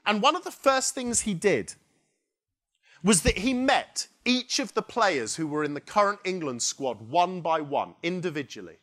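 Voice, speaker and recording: Guy giving a conference talk, high voice, really animated storyteller. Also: moderate pace. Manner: animated, acts out quoted characters. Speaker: conference keynote speaker. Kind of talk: storytelling presentation. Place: conference hall.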